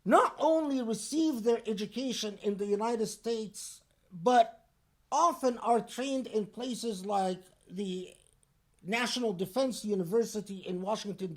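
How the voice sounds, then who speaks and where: A man preaching a Friday sermon in a deliberate, emphatic and pointed way. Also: very high-pitched, fairly bright tone.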